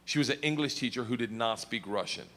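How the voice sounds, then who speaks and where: A man doing stand-up storytelling, animated and shouting his punchlines, recorded live in a reverberant hall. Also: mid-range voice, quick pace. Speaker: stand-up comedian. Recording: live comedy hall reverb, faint noise.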